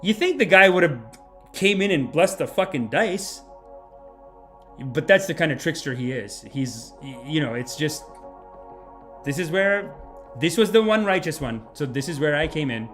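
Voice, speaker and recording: A fairly high-pitched man hosts a comedy podcast, retelling an old tale as a sarcastic rant. He swears freely and gets riled up, and faint music plays behind him. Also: expressive, normal speed, fairly bright tone.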